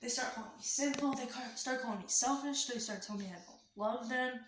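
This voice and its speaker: A woman's voice: fairly high pitch, a little fast, fairly bright tone, slight background noise. A young adult woman telling a personal story in a casual storytime, chatty and full of "like" fillers. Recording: roomy room with faint music.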